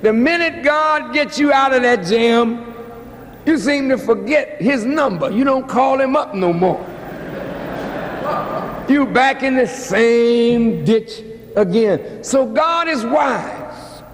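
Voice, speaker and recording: A man preaching a lecture in a slow, dramatic cadence, with a voice that sits unusually high for a man. His words carry a long reverb from a large hall. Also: expressive, a little hiss or hum. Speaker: activist lecturer. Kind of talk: sermon-like public lecture.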